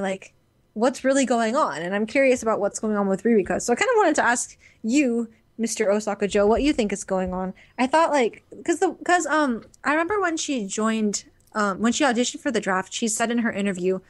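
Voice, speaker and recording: A woman co-hosting a casual fan podcast, giggly and animated, quick to laugh. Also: on the high side. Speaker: podcast co-host.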